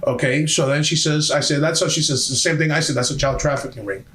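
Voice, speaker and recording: Man, fast talker, slightly high voice, heated, swears a lot, echoey room. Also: steady tone, a bit bright. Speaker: podcast guest. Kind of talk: casual storytelling.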